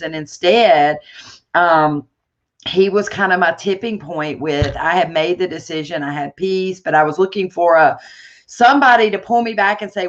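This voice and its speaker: Animated woman telling her story. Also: deep voice, normal speed, dull audio. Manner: animated storytelling, many fillers and restarts. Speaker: guest entrepreneur. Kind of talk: conversational interview.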